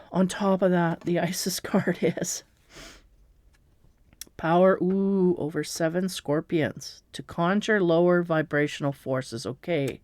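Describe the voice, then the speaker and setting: A woman giving a spiritual tarot reading in a slow, meandering, reassuring way, with fillers and soft laughs. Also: lowish voice, steady tone, dry recording. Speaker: tarot reader.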